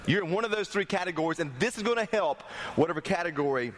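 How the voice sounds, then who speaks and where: Fast and high-pitched, a young male pastor from North Carolina delivers a church sermon full of jokes and lively storytelling, calling on the congregation to answer back. A slight hiss or hum sits under the audio.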